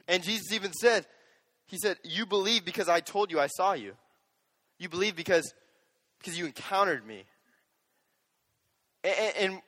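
A young man preaching a sermon as a youth pastor, animated and joking, speaking straight to the audience. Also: high-pitched, long reverb tail.

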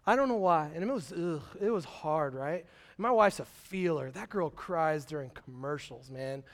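Man, pastor, sermon, personal story, casual slang, lively swings in loudness. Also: on the high side, moderate pace. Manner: animated storytelling, casual slang, acting out quotes.

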